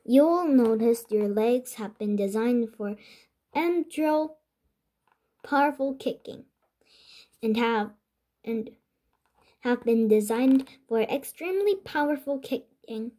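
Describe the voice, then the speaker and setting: A bossy young girl inventor giving orders to her helpers, as a woman reads her aloud. The delivery is slow and stumbling, with a mellow, dark tone sitting slightly high. The reader's first language is Korean. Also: animated. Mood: instructing. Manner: halting, stumbling read-aloud. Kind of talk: children's book read aloud.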